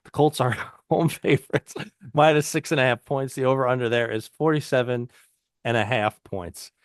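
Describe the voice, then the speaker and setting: A man co-hosting a fantasy football show, loose and conversational, often restarting his sentences. His voice sits at an ordinary middle pitch. It is recorded close and dry, with no room sound. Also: moderate pace, no echo. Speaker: podcast co-host. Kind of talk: casual fantasy football chat.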